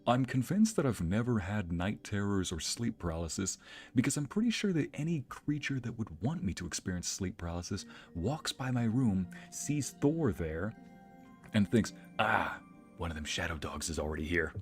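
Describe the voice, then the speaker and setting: Deep-voiced man telling laughing stories. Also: moderate pace, soft background music. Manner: laughing often, animated anecdotes. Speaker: streamer and narrator. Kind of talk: casual storytelling chat.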